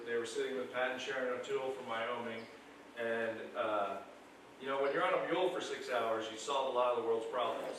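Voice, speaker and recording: A man's voice: mid-range voice, a bit bright. Guy rambling through an intro, far off in a big echoey room with noise behind. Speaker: executive director. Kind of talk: event introduction. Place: school hall.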